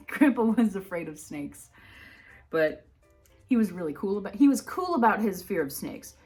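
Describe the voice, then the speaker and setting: Woman, from Minnesota, casual educational vlog host, chatty, rambling, low-pitched, soft music behind. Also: animated, normal speed. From Minnesota, United States. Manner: rambling, chatty storyteller who wanders off topic; laughs often while talking. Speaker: reptile channel host.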